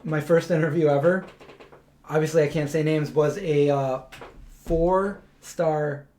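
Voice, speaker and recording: A man with a somewhat high voice hosts a relaxed live-stream chat. He tells long, rambling stories full of restarts and quotes he acts out. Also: measured pace, a little hiss or hum. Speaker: host.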